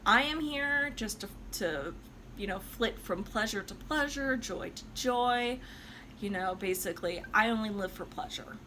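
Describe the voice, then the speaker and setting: A woman's voice: a little high, animated, a little slow, sharp tone, a little hiss or hum. A woman voicing a flirtatious, sassy party hostess who brushes off a suitor and then scolds herself. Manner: breezy, sassy, talks to herself.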